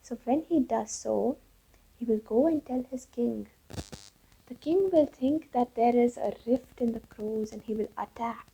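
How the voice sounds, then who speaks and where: Woman doing a wise old crow minister, calm and measured, slow, husky, gravelly, dull lo-fi sound. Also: fairly high pitch, heavily acted. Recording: dull lo-fi recording.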